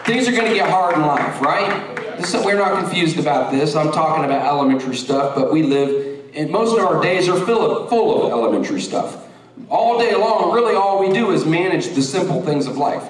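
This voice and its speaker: A middle-aged man preaching a sermon, rambling through stories and then rising into forceful preaching. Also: a little high, expressive, a little fast. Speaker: pastor. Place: church sanctuary. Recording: echoey church hall from far off.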